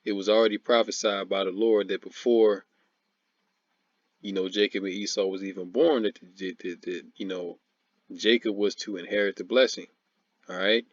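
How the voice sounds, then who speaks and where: A man's voice: fairly low pitch, steady tone, normal speed, no room sound, highs cut off. A man giving informal preaching commentary, mocking and laughing often, repeating "man" and "all right" as he reads and explains scripture. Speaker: religious commentator.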